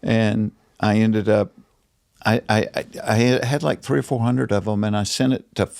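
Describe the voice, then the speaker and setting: A man's voice: lowish voice, moderate pace, gravelly, no echo. An older man with a Georgia Southern accent, telling stories as a podcast guest in a studio and acting out the people he quotes. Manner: animated, acts out quoted people. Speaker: guest comedian. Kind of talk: storytelling in a podcast interview.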